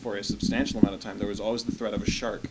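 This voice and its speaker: A man's voice: lowish voice, level tone, very fast, heavy background noise. A man in casual chat who stammers and repeats words.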